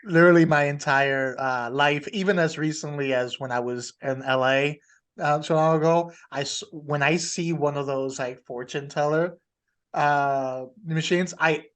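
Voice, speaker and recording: A man's voice: a little high, measured pace. Laid-back man chatting on a podcast. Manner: relaxed storytelling, laughs often. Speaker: podcast co-host. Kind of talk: casual chat.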